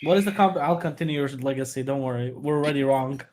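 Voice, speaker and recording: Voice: medium pitch, fast talker, a crowd in the background. A streamer who speaks English as a third language and sounds exasperated and profane in casual live-stream chat. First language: not English. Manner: exasperated, swears a lot.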